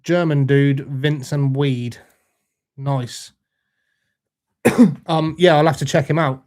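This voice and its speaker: On a casual livestream, a British man slowly works through viewer comments, joking and swearing often in a relaxed way. His voice is fairly high, steady and a little mellow.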